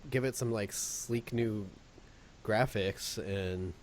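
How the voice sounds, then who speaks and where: A man's voice: lowish voice, slow pace, a little mellow, a little hiss or hum. A man co-hosting a podcast, chatting casually and jokingly about video games with nostalgic asides. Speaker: podcast co-host. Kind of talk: casual gaming chat.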